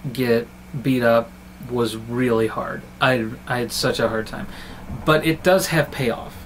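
A man's voice: medium pitch, a little hiss or hum, low-quality recording. Chatty man rambling through a film review. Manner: chatty, fond and rambling, with frequent restarts. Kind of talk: casual review vlog.

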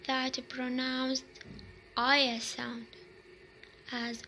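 Very slow high-voiced young woman presenting. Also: steady tone, a bit bright, a little hiss or hum, low-quality recording. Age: young adult. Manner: slow, deliberate, repeats example words. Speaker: university student presenter. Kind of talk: slow classroom presentation on phonetics.

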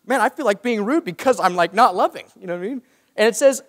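A young man preaching a sermon in an animated way, joking about his own faults. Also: sits high, fast talker. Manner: animated, self-mocking asides. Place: large church hall. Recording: long hall reverb.

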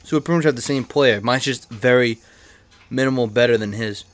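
A young man chatting casually while opening card packs in a video game, excitable and swearing freely, with a cough and an irritated throat. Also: medium pitch, a little fast, no echo. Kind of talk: casual pack-opening commentary. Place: his bedroom.

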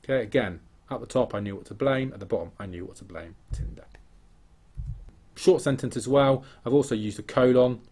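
A man teaching an English writing lesson over slides, explaining step by step, often checking in with "okay?" and "yeah?", his sentences trailing off quieter at the end. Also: mid-range voice, a little fast. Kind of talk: recorded exam-prep lesson over slides.

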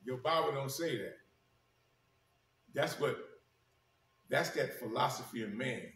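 A male pastor preaching a sermon, repeating key phrases with emphasis and slowing down to read scripture. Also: medium pitch, a bit bright. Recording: echoey room, mic at a distance.

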